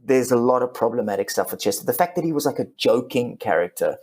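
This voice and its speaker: A man's voice: mid-range voice, lively intonation, fast, darkish tone, breathy edge. A middle-aged comedian and ventriloquist, talking candidly and reflectively as a podcast guest, often restarting his sentences.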